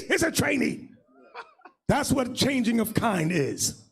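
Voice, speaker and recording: A man leading a religious class as bishop, preaching in a loud, mocking, shouting manner. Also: sits high, wildly swooping pitch, normal speed, vocal fry, husky. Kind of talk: fiery religious teaching.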